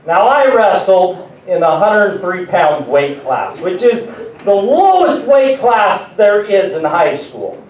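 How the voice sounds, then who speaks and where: A man with a high voice performs a stand-up set at an unhurried pace, telling self-deprecating stories and often restarting his sentences. He is heard from some distance in a very echoey room. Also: big pitch swings, a little hiss or hum. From United States. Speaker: stand-up comedian. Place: large echoey venue before an audience. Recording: echoey room, voice far from mic.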